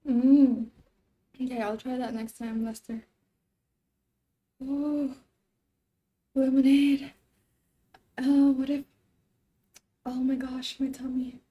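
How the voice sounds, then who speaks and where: Woman streamer, slow and mellow, casual live-stream chat, groaning through a spicy eating challenge. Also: sits high, little pitch movement. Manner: chatty, groaning and laughing while eating spicy food. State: sniffling from spicy food.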